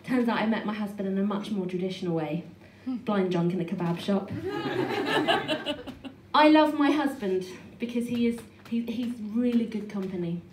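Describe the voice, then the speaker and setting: A pregnant woman in her thirties performing a stand-up comedy set on a small club stage, with a dry, self-deprecating delivery full of quick restarts. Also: medium pitch. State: heavily pregnant. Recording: echoey club room from far off, noisy.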